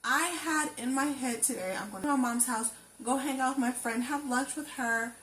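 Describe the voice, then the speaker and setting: A woman's voice: high-pitched, moderate pace, few pauses, fairly bright tone. A young adult woman vlogging, talking earnestly and affirming herself, repeating phrases for emphasis. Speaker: lifestyle vlogger. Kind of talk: personal reflective monologue. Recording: echoey room with faint ambient noise.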